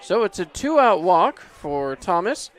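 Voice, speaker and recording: A man's voice: high voice, big pitch swings, slow pace, a faint crowd. A man calling baseball play-by-play from an outdoor ballpark booth, easygoing and chuckling, his voice rising sharply on big hits. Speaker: play-by-play announcer.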